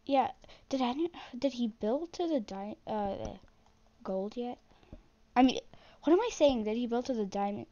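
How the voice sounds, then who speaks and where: A young woman commenting on her own gameplay in a flat, self-deprecating way, muttering to herself as she plays. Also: fairly high pitch, normal speed, long pauses, lo-fi sound. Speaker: gaming channel host.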